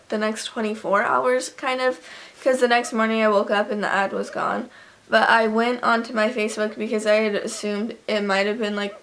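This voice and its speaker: A woman's voice: a little high, a bit bright. A teenage girl telling a storytime vlog in a rambling, casual way, packing her talk with "like" and swearing freely. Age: teens. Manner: rambling, fills every phrase with "like", swears freely. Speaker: vlogger.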